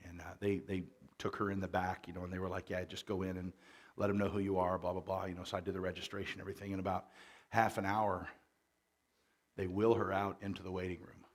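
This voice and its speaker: A middle-aged man, a pastor telling stories in a relaxed, joking sermon full of fillers. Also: low-pitched, fast. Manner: folksy storytelling with jokes and fillers; louder and more forceful after the mic change. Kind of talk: conversational sermon. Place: church.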